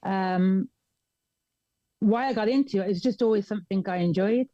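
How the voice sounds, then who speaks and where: A woman from the UK answering interview questions over a video call, hesitant and brief, with plenty of pauses. Her voice has a mellow, warm tone. The audio is dull and lo-fi and sounds dry. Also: medium pitch, dry recording. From United Kingdom. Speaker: guest fighter.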